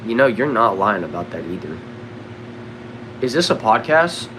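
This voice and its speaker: A young man with a Southern accent from Texas, casually answering chat questions on a livestream in a relaxed, drawling way. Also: on the low side, moderate pace, background noise. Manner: laid-back, drawling, says bro and dude a lot. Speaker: livestream host reading chat. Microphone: desk microphone.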